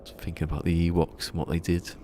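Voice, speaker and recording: A man's voice: low voice, flat delivery, fast, warm tone, slight background noise. A man streaming a game and chatting casually to his viewers, rambling and laughing at his own jokes. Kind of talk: casual live-stream chat.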